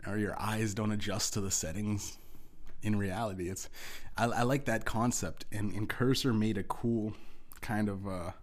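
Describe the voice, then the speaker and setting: A man's voice: on the low side, fairly even intonation, moderate pace. A man hosting a podcast, telling a story in a rambling, profane way, full of restarts. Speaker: podcast host. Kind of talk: casual storytelling.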